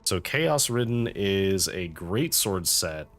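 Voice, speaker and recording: A man's voice: low-pitched, big pitch swings, slow pace, a bit bright, soft background music. A man casually commenting as he plays a video game, thinking aloud through his choices with wry asides. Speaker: let's-play host.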